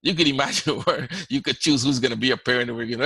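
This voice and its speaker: Guyanese man with a bright, dry voice. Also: medium pitch, fast talker, husky, no room sound. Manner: conversational, often asks "right?". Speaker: trading educator hosting a webinar. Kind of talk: live webinar Q&A talk.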